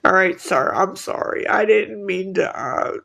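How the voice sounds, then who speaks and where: A woman chatting on a live stream, reading viewers' comments and asking for donations, weary and sighing, with halting restarts. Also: medium pitch, expressive, creaky, fairly bright tone, poor audio.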